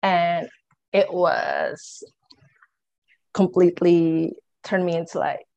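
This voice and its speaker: A young woman speaks as an interview guest, her voice sitting a little lower than most. She tells her own story with energy, acting out the lines she and others said, and her phrasing runs loose with casual fillers. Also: slow pace, vocal fry, long pauses. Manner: animated, acts out her own and others' words in quotes; loose phrasing with many "like" and "you know" fillers. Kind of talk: personal storytelling in conversation.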